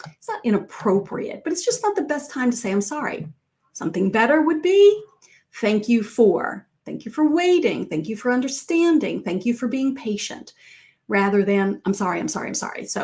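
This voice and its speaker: A middle-aged woman life coach speaking to viewers in a conversational way, acting out quoted phrases with big jumps in pitch. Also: a little mellow.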